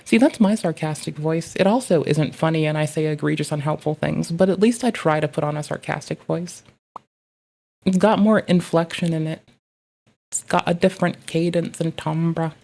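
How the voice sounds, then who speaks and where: A woman streamer with a low, gravelly voice talks in a loose, rambling way. She is blunt and profane as she chats and reacts to clips. Her tone sits on the dark, mellow side. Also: normal speed. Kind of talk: casual chat reacting to clips.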